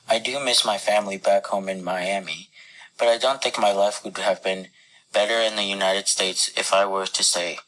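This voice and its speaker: A man reads a first-person account in a calm, measured way. His voice sits fairly low yet has a bright edge. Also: low-quality recording.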